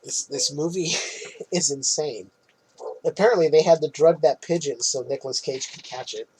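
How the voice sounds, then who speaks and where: Husky-voiced man recapping a movie. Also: a little high, moderate pace, darkish tone, rough recording. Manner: loose, swearing, laughs often. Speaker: podcast co-host.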